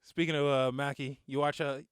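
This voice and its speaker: A man's voice: mid-range voice, level tone, fairly quick, clear, resonant tone, no echo, studio quality. A man in his thirties co-hosting a podcast, chatting loosely with joking slang banter. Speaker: podcast co-host. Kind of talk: casual chat.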